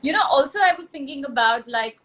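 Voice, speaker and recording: A woman's voice: sits high, animated, brisk, bright, forceful tone. A woman interviewing a guest over a live video call, working out her questions with many fillers and restarts.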